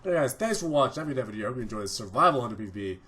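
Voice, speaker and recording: A man's voice: mid-range voice, expressive, very fast, pushed and bright. A young man giving rambling, profanity-laden casual commentary over his own gameplay video. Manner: rambling, swears a lot. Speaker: gaming video host.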